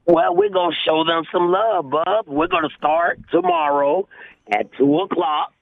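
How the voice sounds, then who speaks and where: Gravelly man on a tinny phone line. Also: sits high, measured pace, dry recording. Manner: excitable, repetitive, laughing. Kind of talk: casual chat.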